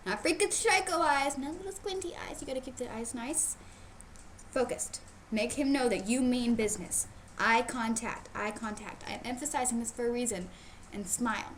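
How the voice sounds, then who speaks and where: Woman, fairly high voice, playful, emphatic instructor, faint background noise. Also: fairly quick. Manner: emphatic, playful, repeats key points. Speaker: 4-H rabbit showmanship instructor. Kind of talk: casual instructional video.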